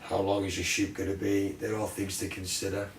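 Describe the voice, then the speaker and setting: A man's voice: deep voice, level tone, brisk, slight background noise. A British man co-hosting a vlog, offering dry, wry remarks in a casual chat. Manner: dry, wry, short replies. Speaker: filmmaker and co-host. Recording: roomy echo, distant mic.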